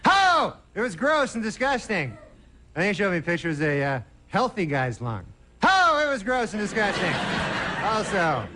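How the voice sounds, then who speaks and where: A stand-up comedian, a man with a high voice, wanders through his set on a television studio stage with loose, rambling delivery, and he pads his lines with "you know" and "uh". A steady background noise runs under his voice, and the recording carries the room. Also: normal speed. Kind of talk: stand-up routine.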